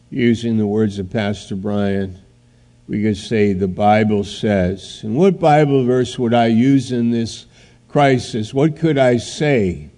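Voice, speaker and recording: A man with a medium-pitched voice preaches a sermon, telling a story haltingly at first before building to loud, emphatic outbursts.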